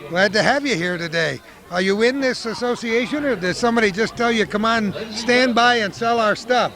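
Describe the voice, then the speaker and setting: Older male interviewer, high voice, chatty and friendly, on the street. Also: normal speed, a crowd in the background. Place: outdoor street parade.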